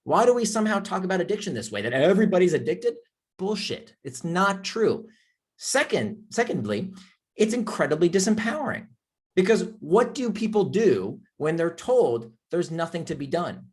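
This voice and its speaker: A man's voice: high voice, sing-song, moderate pace, a little mellow, slightly rough. Emphatic man speaking by video call. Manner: passionate, emphatic, rhetorical questions. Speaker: author and speaker. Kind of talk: impassioned talk, then audience Q&A.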